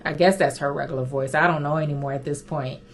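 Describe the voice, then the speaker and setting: A woman's voice: sits low, fast talker. A woman from Haiti who works as a recruiter, casually telling viewers a story with an amused, chatty manner and frequent asides. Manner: animated, amused storytelling with many "right, y'all?" asides. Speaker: remote-work recruiter and vlogger.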